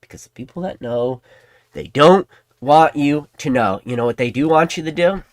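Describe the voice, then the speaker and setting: Animated man ranting conspiratorially. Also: a little high, normal speed, no echo. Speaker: trading card channel host. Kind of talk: casual commentary to camera.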